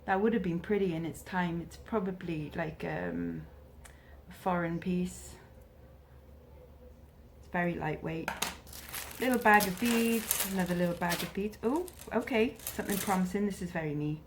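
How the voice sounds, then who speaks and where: A woman vlogger chatting casually as she unboxes parcels, gushing and excitable. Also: fairly low pitch, normal speed, a little hiss or hum.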